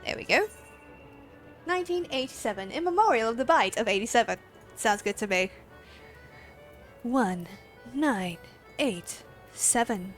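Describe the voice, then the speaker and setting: A young woman from Australia streaming a game, chatting casually with viewers, excitable, laughing often and swearing freely. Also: a little high, a little slow, long pauses, soft background music. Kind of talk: casual live-stream chat.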